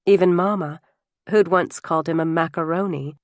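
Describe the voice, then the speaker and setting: A woman reading a first-person novel as an audiobook narrator, with expressive, emotional storytelling. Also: fairly low pitch, moderate pace, no echo, studio quality.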